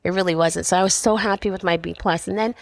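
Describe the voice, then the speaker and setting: A middle-aged woman from Canada, a podcast guest sharing a personal faith story in animated conversation. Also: lowish voice, quick pace, vocal fry, no room sound. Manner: animated storytelling, acting out voices in quotes.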